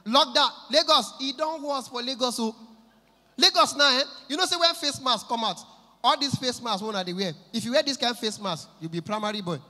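A man with a Nigerian accent doing an animated stand-up comedy set in Pidgin English, switching into voices for his characters. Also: extremely high pitch, fairly quick. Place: large live venue with audience. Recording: echoey hall from a live show.

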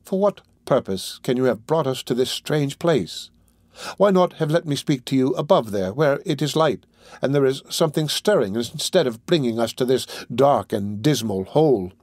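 A man reading the lines of a kindly, measured gentleman in a storybook. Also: mid-range voice, expressive, dry recording, studio quality, natural voice. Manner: measured, soothing. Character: kindly older gentleman, calm and reasoning.

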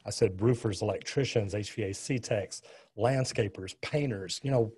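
A middle-aged man speaks as an interview guest, recounting events in an earnest, storytelling way. His voice is husky and dark, and he often stumbles into restarts. He comes from the US West Coast. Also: fairly low pitch, moderate pace. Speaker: plumber, guest.

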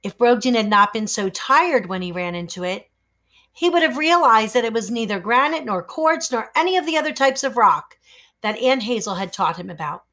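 Bright-voiced woman reading a children's story. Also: on the high side. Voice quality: expressive, slow suspenseful reading. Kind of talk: reading a children's book aloud.

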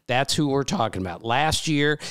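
A man co-hosting a baseball podcast, telling stories in a casual chat and getting animated when he pokes fun at critics. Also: medium pitch, moderate pace, smooth, dry recording, clean studio sound. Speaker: podcast co-host, baseball broadcaster.

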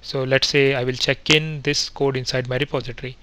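Guy doing a screen-recorded coding lesson, bright tense voice, lots of uh and restarts, step by step. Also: mid-range voice, flat delivery, a little fast. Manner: methodical step-by-step, frequent fillers and self-corrections. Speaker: software testing instructor.

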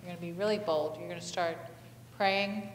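In an echoey church hall with faint ambience and a little background noise, a woman pastor moves briskly through a conversational sermon. Her voice sits on the low side with fairly even intonation as she questions the congregation often and tells animated stories.

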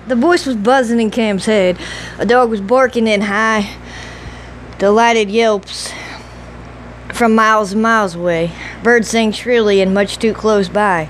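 A woman reading an audiobook novel in a steady, measured storytelling voice. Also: medium pitch, slight background noise, low-quality recording. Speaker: audiobook reader. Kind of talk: audiobook narration.

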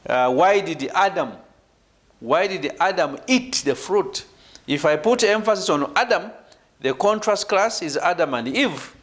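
A man from Uganda giving a university lecture, emphatic, with "right" and "ladies and gentlemen" tagged onto his phrases. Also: expressive, a little slow. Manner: emphatic, falls low at phrase ends. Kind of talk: academic lecture.

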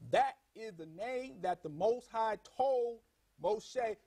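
Male guest teacher, high husky voice, emphatic and insistent. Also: lively intonation, mellow. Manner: emphatic, drawn-out teaching, urging listeners. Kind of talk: religious teaching in conversation.

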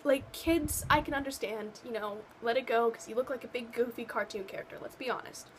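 A woman's voice: a little high, fairly even intonation, a little fast, a little hiss or hum, poor audio. A young woman ranting to camera in a vlog, exasperated and sarcastic, rambling with lots of fillers. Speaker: vlogger. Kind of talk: casual rant to camera.

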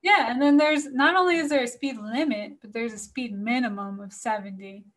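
Florida woman telling a wild story on a podcast, kinda high voice, says like a lot, swears. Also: moderate pace. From Florida, USA. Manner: animated, heavy use of "like", swears freely. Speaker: podcast guest. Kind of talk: casual storytelling chat.

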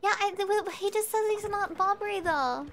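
A young woman streaming a video game, chatting casually and rambling with viewers, quick to laugh and swearing freely. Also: extremely high pitch, slight background noise. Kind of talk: casual gameplay chat.

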